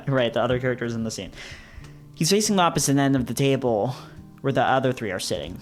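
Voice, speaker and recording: A man's voice: mid-range voice, expressive, quick pace, soft background music. Man wryly reading a visual novel. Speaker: let's play host.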